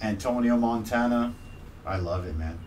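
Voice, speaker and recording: A young man chatting as a guest in a casual interview, telling stories in an animated, laughing way. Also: mid-range voice, moderate pace, a little hiss or hum. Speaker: podcaster guest.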